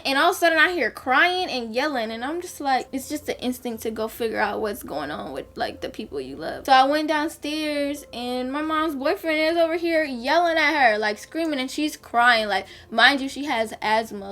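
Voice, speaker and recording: A woman's voice: on the high side, fairly bright tone. A young woman vlogger, chatting candidly and animatedly as she tells a personal story while doing her makeup. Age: young adult.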